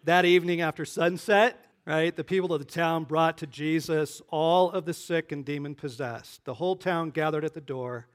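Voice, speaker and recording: A male pastor preaching a conversational sermon, often checking in with "right?" and "okay?" and rising into animated bursts. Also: fairly high pitch.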